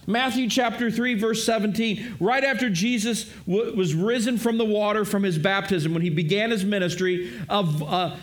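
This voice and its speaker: A man preaching a sermon in an earnest way, often repeating words and speaking directly to his listeners. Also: sits high. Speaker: pastor.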